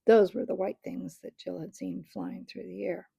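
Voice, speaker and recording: Woman reading a storybook, gravelly. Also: mid-range voice, steady tone, normal speed, mellow, no room sound. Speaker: audiobook reader.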